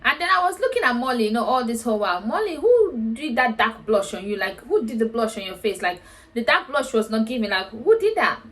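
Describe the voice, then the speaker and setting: A woman's voice: on the high side, big pitch swings, fairly quick, a bit bright. A woman hosting a reality show recap, chatting casually and acting out quotes in a raised voice. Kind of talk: casual commentary.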